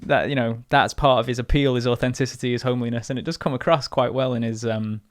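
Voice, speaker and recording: A man with a northern English accent co-hosts a podcast in a loose, rambling chat. His voice sits mid-pitch, and the recording is dry with no room echo. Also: fairly even intonation, fast. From northern England. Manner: chatty and rambling, swears casually. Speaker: podcast co-host. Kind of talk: casual chat.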